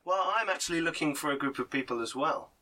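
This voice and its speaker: A man's voice: on the high side, fast, sharp tone, distant mic, pitched above the performer's own voice, poor audio. A man voicing a chatty male townsman informant who rambles and hesitates as he gives advice. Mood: confiding. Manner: rambling, confiding, full of hesitations.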